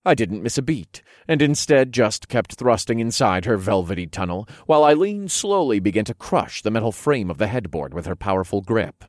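A man narrating an erotic story in the first person, in a low, hushed, unhurried way, recorded close and dry. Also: big pitch swings, dry recording.

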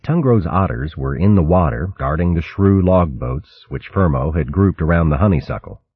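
Deep male narrator, husky, expressive storybook reading, dry close sound, slightly muffled. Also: normal speed, no echo. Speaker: audiobook narrator. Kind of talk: scripted narration.

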